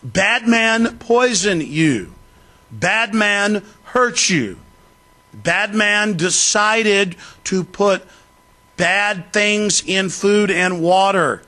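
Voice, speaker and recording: A man mocking a slow, condescending official. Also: sits high, animated, pushed and bright, pitched above the performer's own voice, full character voice. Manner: slow, exaggerated, simple-worded mockery. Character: condescending man talking down slowly to a dim public.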